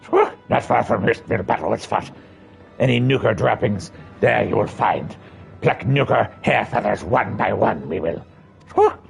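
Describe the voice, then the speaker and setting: A man doing a squawking gravelly birdman. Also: fairly low pitch, expressive, unhurried, faint music behind, full character voice. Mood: proud. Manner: squawks and backwards word order. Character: squawking male birdman tribesman, proud, excitable. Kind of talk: reading game dialogue aloud.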